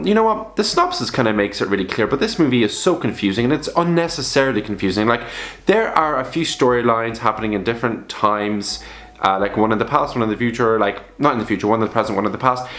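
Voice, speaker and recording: Animated young man ranting casually. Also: medium pitch, quick pace. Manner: animated, rambling, swears freely. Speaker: video creator reviewing films. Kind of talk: casual vlog commentary.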